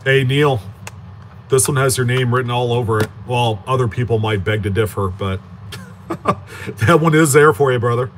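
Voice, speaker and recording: A man's voice: mid-range voice, normal speed, pauses often, a little hiss or hum. Chatty male coin channel host. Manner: chatty, reads out and answers viewer names; relaxed, with frequent fillers and self-corrections. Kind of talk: casual live-stream chat.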